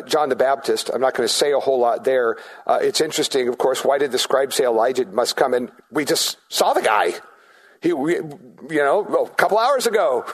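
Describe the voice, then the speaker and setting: Conversational male pastor preaching. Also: mid-range voice. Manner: conversational, asks the congregation questions; restarts and stammers often. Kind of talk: sermon.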